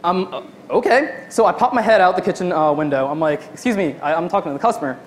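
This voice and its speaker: A man's voice: sits high, quick pace, a little hiss or hum. Young man telling a stand-up story. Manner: storytelling, acts out quotes in his own voice. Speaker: stand-up comedian. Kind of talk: stand-up comedy routine.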